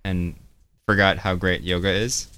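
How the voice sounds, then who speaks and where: A man's voice: deep voice, steady tone, measured pace, bright, forceful tone. A young man chatting casually on a podcast, laughing often and drawing words out when he demonstrates them. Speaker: podcast co-host. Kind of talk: casual chat.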